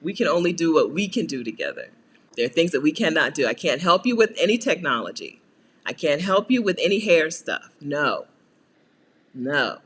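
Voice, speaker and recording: A woman's voice: big pitch swings, normal speed, husky. A woman hosting a casual livestream, chatting with viewers and answering their comments, laughing often and playful. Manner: laughs often, playful, swings into high-pitched exasperated asides. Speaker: coach and channel host.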